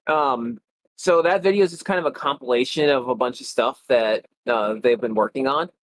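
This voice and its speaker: A man joining a stream over a call as a guest, explaining things in a relaxed way with plenty of fillers. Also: mid-range voice, moderate pace, a little hiss or hum, rough recording. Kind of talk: casual conversation on a call. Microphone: desk mic on a call.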